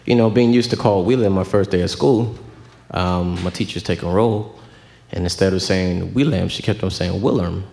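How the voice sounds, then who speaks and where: A man's voice: low-pitched, normal speed, gravelly, hardly any pauses, a little mellow. A young man from Miami whose first language was Haitian Creole, telling stories in a casual interview and acting out the voices. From Miami, Florida. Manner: storytelling, acts out voices with laughter. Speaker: bandleader. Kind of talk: casual radio interview chat.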